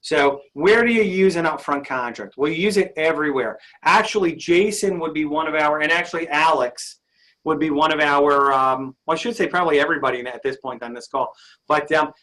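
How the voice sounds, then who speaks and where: A man's voice: fairly high pitch, pushed and bright. A male sales trainer leading an interactive session, upbeat and often asking his audience questions.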